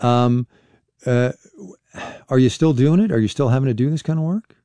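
A male radio host with a mellow, dark tone, asking questions in a measured way. He breaks off now and then to restart a phrase. His voice sounds close and dry, with no room echo. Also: medium pitch. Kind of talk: radio interview.

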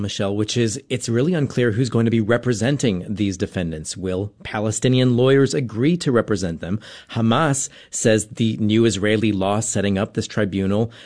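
A man with a fairly low voice gives a radio news report. He explains things in a plain, steady way, like a correspondent talking with the host. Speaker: foreign correspondent. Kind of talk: news report and two-way chat.

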